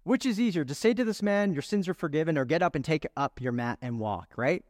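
Male pastor, sermon delivery, fairly high and dry up close with long hall reverb behind. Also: animated, fairly quick, a little mellow. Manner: earnest, rhetorical questions, builds emphasis.

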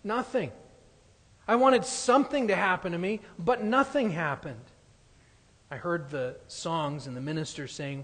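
A man preaching, telling a story aloud in an earnest, unhurried way and going quiet in the tender parts. His voice is pitched high for a man. A long reverb trails after each phrase, as in a large hall. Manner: earnest storytelling, hushed in sad passages. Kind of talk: sermon with a story read aloud.

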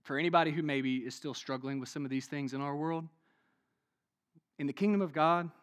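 A man with a high voice preaching a sermon to his congregation. He keeps it conversational, firing off rhetorical questions and tagging "right?" onto his points. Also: a little fast. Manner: says "y'all".

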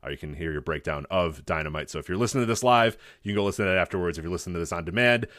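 A man hosting a wrestling podcast in casual chat, laughing often and breaking into high-pitched impressions. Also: very fast, a bit bright, no room sound, clean studio sound. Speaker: podcast host.

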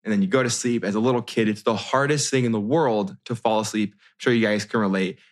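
A man in his thirties from the United States telling a personal story in a casual, animated way, with many restarts and fillers. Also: lowish voice, fast. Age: 30s.

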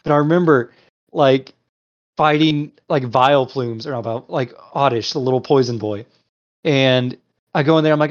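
Young male podcast co-host, animated storyteller; mid-range voice, muffled sound. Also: medium pitch, moderate pace. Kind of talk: casual chat.

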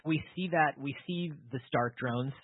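Slightly higher voiced guy cracking jokes about a movie, husky, sounds like a phone call. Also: no echo. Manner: chimes in with quick jokey takes. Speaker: podcast co-host. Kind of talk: casual movie chat. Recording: dry tinny phone-like sound.

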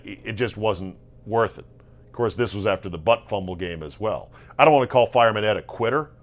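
A man hosting a solo sports talk show, ranting sarcastically about football results and jumping between loud outbursts and low muttering. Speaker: sports podcast host. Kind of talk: casual solo sports commentary.

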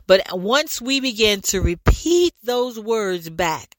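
A woman leading a fervent spoken prayer, pleading and repeating lines, at times rising to shouts and speaking in tongues. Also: mid-range voice, animated, takes it slowly, few pauses, no echo. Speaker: prayer leader.

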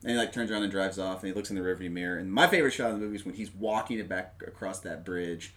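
A man chatting casually about a movie, rambling with lots of fillers and animated retelling of scenes. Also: sits low, racing.

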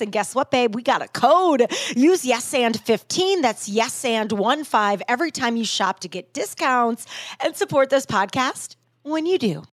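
A woman hosting a podcast in casual chat, animated and swearing freely as she acts out quotes in big voices. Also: a little high, no echo, studio quality. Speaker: podcast host.

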